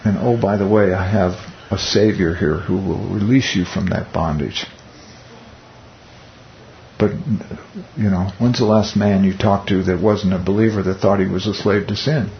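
A man's voice: sits low, steady tone, normal speed, creaky. Guy teaching bible study, chatty, lots of rhetorical questions and wry jokes, kinda muffled recording w faint hiss.

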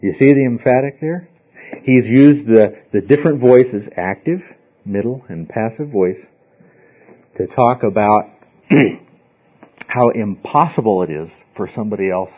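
A husky-voiced man leads a Bible study class, stressing his points and checking in with his students. His voice sits at a middle pitch. The recording is dull and lo-fi. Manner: emphatic, asks the class questions often. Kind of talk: informal classroom teaching.

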